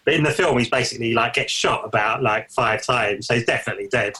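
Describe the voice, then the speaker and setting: A man's voice: medium pitch, quick pace, pushed and bright, poor audio. A man co-hosting a casual film podcast, telling anecdotes with hedges and acting out quotes. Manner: anecdotal, hedging, acts out quotes. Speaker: podcast co-host.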